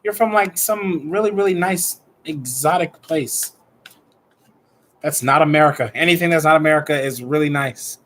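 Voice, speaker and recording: A man's voice: on the high side, normal speed, fairly bright tone, poor audio. A man from Chicago giving casual, playful tarot readings to viewers. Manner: chatty, playful, talks to viewers. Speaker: tarot and numerology reader.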